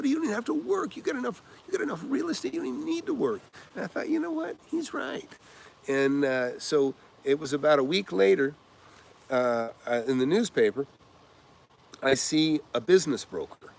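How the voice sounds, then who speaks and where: An older man talking through his experience in a loose, energetic monologue. He rambles, fills pauses with uhs and acts out what other people said. His voice sits at a middle pitch, with a faint hum of background noise. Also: gravelly. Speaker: real estate investor. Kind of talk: casual advice monologue with anecdotes.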